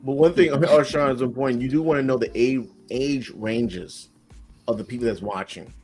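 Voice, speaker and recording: A man's voice: medium pitch, normal speed, darkish tone, soft background music. A man who makes online content, talking bluntly and frankly in a casual chat. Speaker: content creator.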